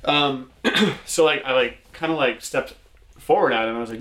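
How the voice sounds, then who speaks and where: A man's voice: mid-range voice, normal speed, pushed and bright. A man chatting casually with friends, telling a rambling story full of fillers and curses. His voice sits in the middle range. The room around him is echoey. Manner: rambling storyteller, heavy swearing and filler words. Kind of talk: casual chat.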